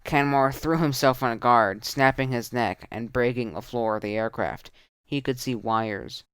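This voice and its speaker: A man narrating a first-person action story in a terse, dramatic way, shouting the quoted lines. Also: mid-range voice, moderate pace, clear, resonant tone, no room sound. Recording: narration over loud music.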